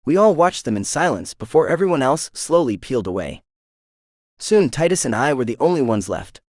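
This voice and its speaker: A man narrating a first-person romance audiobook in an expressive, animated way. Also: mid-range voice, a little fast, no echo, clean studio sound.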